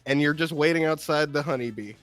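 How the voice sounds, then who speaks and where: Animated, laughing male podcast storyteller. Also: a little high, quick pace, soft background music. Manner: animated storyteller, laughs often, swears freely. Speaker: podcast co-host. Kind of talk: casual gaming podcast chat.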